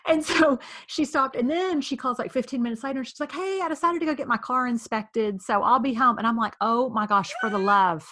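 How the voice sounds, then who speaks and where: A woman's voice: fairly high pitch, a little fast, few pauses. A woman hosting a podcast, telling a story in casual chat and acting out what everyone said. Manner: animated, acting out quoted dialogue. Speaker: podcast host.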